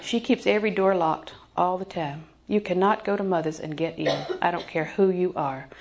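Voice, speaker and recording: With a lowish, gravelly voice at normal speed, a woman in her sixties delivers a folksy, joking sermon, occasionally going hushed to stress a point.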